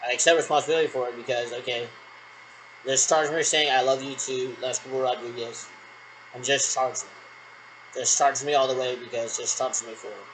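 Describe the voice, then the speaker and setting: A man's voice: medium pitch, fairly even intonation, brisk, a bit bright, a little hiss or hum, low-quality recording. A man in a rambling solo monologue who repeats himself and answers his own questions.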